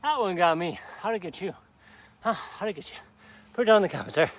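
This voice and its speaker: High-pitched, animated, and quick, a man runs a live outdoor workout on the grass of a park. Sweating and out of breath, he stays upbeat, spurring viewers on with countdowns.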